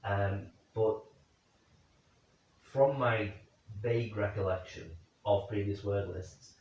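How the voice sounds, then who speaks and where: A fairly low-voiced man works through his theories out loud and asks questions into an empty room, pausing to reason and second-guess himself. He sits some way from the mic, and the room rings with heavy echo. The sound is dull and lo-fi. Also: slight background noise. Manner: speculative, questioning, addresses spirits directly. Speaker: paranormal investigator. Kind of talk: thinking aloud during a night vigil. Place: indoor room at night. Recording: very echoey, distant, dull lo-fi sound.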